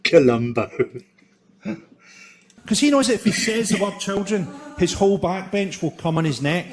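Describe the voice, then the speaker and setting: A man performing a stand-up routine with a deadpan, biting delivery. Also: sits high, moderate pace, very noisy. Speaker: stand-up comedian. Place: theatre stage with audience. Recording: live show with loud audience laughter.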